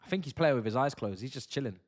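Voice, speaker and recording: A man's voice: mid-range voice, animated, racing. A young man chatting through a live football watch-along, full of slang and banter with his chat.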